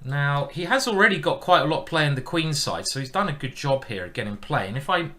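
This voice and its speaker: A man's voice: on the high side, lively intonation, fairly quick, pushed and bright. A man giving chatty live-stream commentary on his own chess game, thinking aloud and poking fun at himself.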